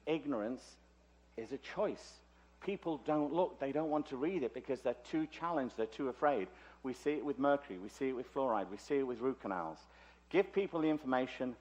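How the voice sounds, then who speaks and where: A man's voice: mid-range voice, animated, moderate pace, darkish tone, lo-fi sound. A man from Liverpool with a British accent, lecturing at a conference with chatty, joking asides. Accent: British English. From Liverpool, England. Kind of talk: conference talk. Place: conference hall.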